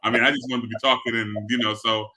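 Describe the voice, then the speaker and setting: A man with a South Bronx New York accent, hosting a casual interview and telling stories in an animated way. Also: mid-range voice, quick pace, slight background noise. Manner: animated, storytelling.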